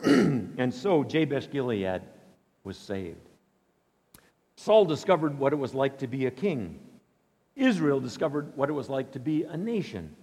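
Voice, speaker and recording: A man preaching a storytelling sermon, animated and dramatic, acting out quotes. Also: mid-range voice, in a large hall.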